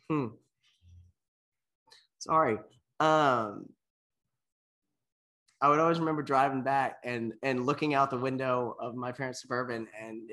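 A young man co-hosting a casual podcast, talking in a loose, rambling way at a middle pitch. He trails off and chokes up at times as he talks. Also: fairly bright tone. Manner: rambling, gets emotional and chokes up. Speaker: podcast co-host. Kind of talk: casual chat.

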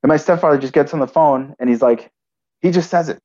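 A man's voice: on the high side, a little mellow, muffled recording. A man telling a personal story in conversation, restarting often and adding "right?" as he goes. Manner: halting, frequent restarts and "right?" tags.

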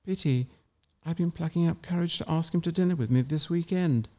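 A man's voice: a little high, brisk, warm tone, voice pushed up, close to an everyday voice. A timid young woman in love confides her secret in a light, lifted voice, as a man reads her part. The voice stays plain and close to the reader's own. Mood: confiding.

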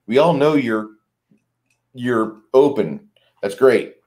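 A man's voice: medium pitch, slow, a little mellow. A man co-hosting a casual chat about tabletop games, blunt and rambling, swearing freely as he talks. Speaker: game master, podcast co-host.

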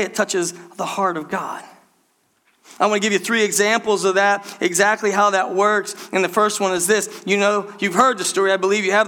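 Male pastor, high bright voice, emphatic sermon delivery, talks straight to the church. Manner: emphatic, repeatedly addresses the congregation.

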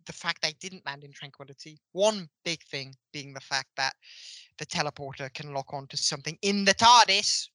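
A man's voice: fairly high pitch, normal speed, sharp tone, no room sound, low-quality recording. A man co-hosting a podcast, chatting casually and ranting in exasperation, laughing often. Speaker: podcast co-host. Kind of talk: casual review chat.

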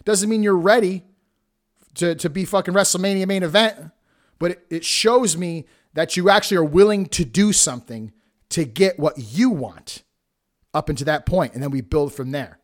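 A man's voice: sits high, moderate pace. Blunt, foul-mouthed man ranting. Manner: blunt, heated, heavy swearing. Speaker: podcast host and wrestling promoter. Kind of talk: profane solo podcast rant.

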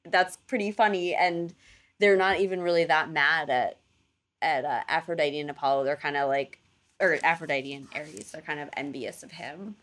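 A woman telling a story in casual chat, animated, full of fillers and casual swearing, acting out voices for the people in it. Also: deep voice, normal speed. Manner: animated storyteller, acts out quoted gods in playful voices.

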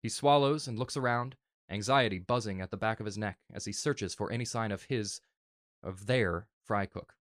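Low-voiced man reading a story. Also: normal speed, fairly bright tone, no echo, studio quality. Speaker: narrator. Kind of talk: fan fiction reading.

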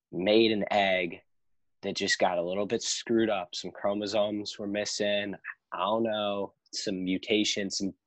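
Deep-voiced male co-host, dry sound, loose rambling talk. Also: no echo, low-quality recording. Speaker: podcast co-host. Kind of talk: casual chat.

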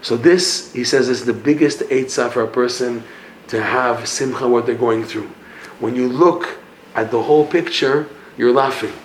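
A man giving a Breslov Torah class, telling stories in an animated way and dropping in Hebrew and Yiddish terms. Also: medium pitch, moderate pace, slight background noise. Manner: animated storytelling, mixing Hebrew and Yiddish terms, laughs at punchlines. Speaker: Breslov teacher. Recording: echoey room with faint ambience.

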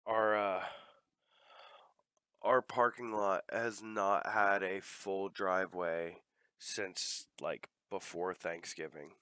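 A man's voice: low voice, fairly even intonation, takes it slowly, sharp tone, clear, resonant tone, no echo, studio quality. A man hosting a casual chat, telling long profane rambling stories.

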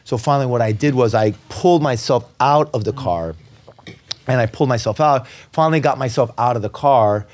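A man's voice: medium pitch, a little fast, a little mellow. A middle-aged man from New York City, a podcast guest, telling a long story in rambling casual talk with many fillers and curse words. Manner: rambling, many fillers and restarts, swears freely.

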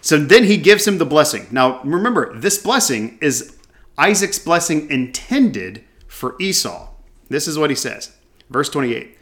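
A Bible teacher with a slightly high, sing-song, somewhat bright voice works through a scripture passage at a measured pace. He reads the verses aloud, then comments on them with casual asides and the occasional restart.

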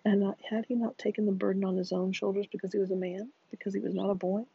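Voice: mid-range voice, little pitch movement, quick pace, creaky, dark tone, husky, no echo. A narrator reading a novel aloud in a dramatic way, often dropping into whispers, in a dull lo-fi recording. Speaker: audiobook narrator.

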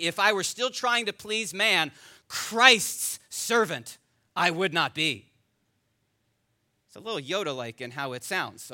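A man's voice: high-pitched, bright, forceful tone. A man preaching a sermon as pastor, earnest and rising to emphatic peaks, at times addressing the children directly.

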